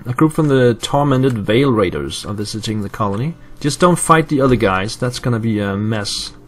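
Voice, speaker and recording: Man, game commentary, casual, thinks out loud, faint noise, typing behind. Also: medium pitch, lively intonation, normal speed. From Europe. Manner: chatty, thinks aloud with fillers, answers live chat. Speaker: let's play host. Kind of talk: casual gameplay commentary with chat.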